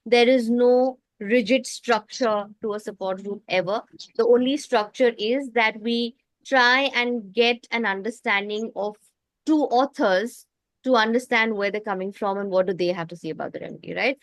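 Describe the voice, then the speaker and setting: A woman's voice: a little high, moderate pace, no echo. A woman facilitating an online study group, explaining at length with a tiring voice. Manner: explains at length, often restarts phrases.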